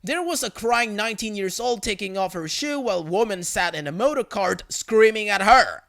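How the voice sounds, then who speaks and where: A man narrating a reddit story in a scripted, read-aloud style, with sudden loud jumps on quoted lines. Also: high-pitched, animated, normal speed, creaky.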